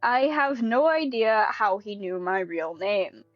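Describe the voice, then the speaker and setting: A woman's voice: medium pitch, lively intonation, no room sound, lo-fi sound, faint music behind. A young woman reading a creepypasta aloud in a casual way, breaking off to laugh and comment. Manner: quick, giggly and sweary. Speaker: creepypasta reader.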